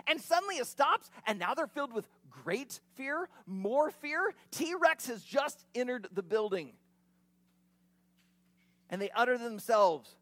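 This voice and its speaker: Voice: medium pitch, a bit bright, dry recording. Conversational preacher, vivid storytelling, dry sound. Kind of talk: expository sermon.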